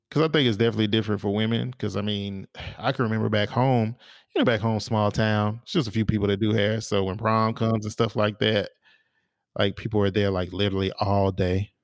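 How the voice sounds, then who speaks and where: On the low side and fairly even in intonation, a man's voice moves at a moderate pace through casual podcast chat as he co-hosts. The studio sound is clean with no room sound, and his wandering stories come with lots of fillers and restarts.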